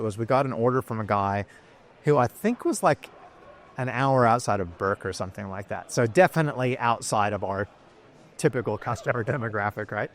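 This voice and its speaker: A man's voice: mid-range voice, expressive, brisk. A man, a business founder chatting in an interview, rambling and filling his talk with ums and you-knows. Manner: chatty, rambling, many fillers. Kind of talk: casual interview storytelling.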